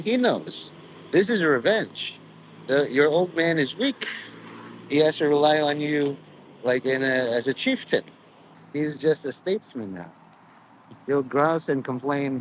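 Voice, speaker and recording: A man's voice: mid-range voice, lively intonation, a little slow, rough recording. A man with an ordinary mid-range voice rambles through a loose, stream-of-consciousness monologue. He swears casually, leans on "you know" constantly and slips into half-mocking sermon tones, with faint noise in the background. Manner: meandering, profane, peppered with "you know"; mock preachy, drifts into quoted voices.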